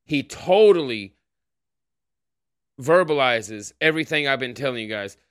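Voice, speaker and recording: A man's voice: medium pitch, expressive, unhurried, a bit bright, no room sound, clean studio sound. A man hosting a casual livestream podcast, greeting chatters by name and rambling in a profane, offhand way. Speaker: podcast host.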